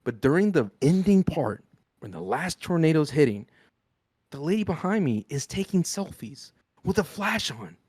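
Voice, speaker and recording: A man co-hosting a wrestling podcast, chatting casually and telling stories with a joking, relaxed manner. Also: on the high side, moderate pace, husky, no room sound. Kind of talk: casual chat.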